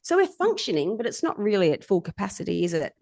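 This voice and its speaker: A woman tells lively stories from her coaching work, laughing often as she goes. Her voice sits in a middle range. The sound is dry and close. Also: mid-range voice, quick pace, gravelly, no room sound. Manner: animated, laughing often, acting out quotes. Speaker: somatic coach, guest. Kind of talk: storytelling in casual chat.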